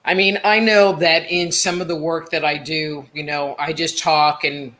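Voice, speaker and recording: Bright-voiced woman guest. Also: low voice, moderate pace. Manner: relaxed, explanatory, fills with "you know". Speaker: guest author. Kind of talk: casual interview chat.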